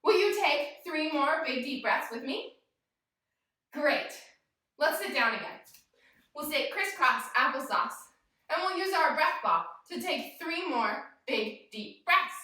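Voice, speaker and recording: A young woman guides small children through yoga, her voice cheerful and sing-song with a bright, slightly high tone. She speaks slowly and swoops through her pitch. She sounds set back from the mic in a very echoey room. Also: animated, far from the mic. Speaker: kids yoga teacher. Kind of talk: guiding a children's yoga class.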